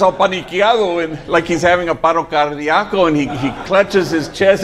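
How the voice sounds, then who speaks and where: This man is a priest leading a program for ex-gang members, and he's giving trainees a motivational talk in the program's own building, telling a story with dry, homespun humor and bits of Spanish slang. His voice is high and a bit bright, at normal speed, with slight background noise.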